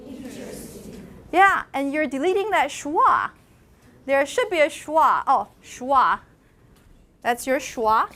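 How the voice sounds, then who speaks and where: High-voiced woman lecturing. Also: slow pace, pauses often, slight background noise. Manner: lively, questions students, models sounds aloud. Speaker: university lecturer. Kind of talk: classroom lecture on phonology. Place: lecture classroom.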